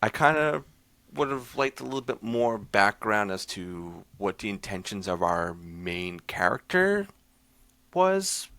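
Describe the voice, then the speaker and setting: A man's voice: on the low side, big pitch swings, unhurried, pushed and bright, no echo. A man hosting a podcast, casually recapping a horror short film in a rambling, loose way full of fillers. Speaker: podcast host reviewing horror short films.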